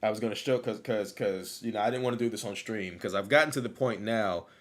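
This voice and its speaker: A man hosting a casual livestream, talking loosely and repeating his phrases, still low on energy after an illness. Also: quick pace. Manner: loose, rambling, repeats phrases, laughs easily. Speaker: livestream host.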